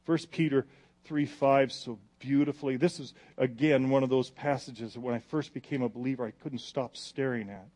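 Guy preaching, gets loud on the verses then goes real quiet and pleading. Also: mid-range voice, moderate pace. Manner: animated, swings from loud reading to hushed pleading. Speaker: pastor. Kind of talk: sermon.

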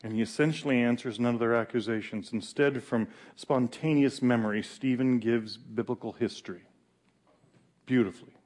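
A male pastor preaching a sermon in a conversational, animated way with fillers and pauses. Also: mid-range voice.

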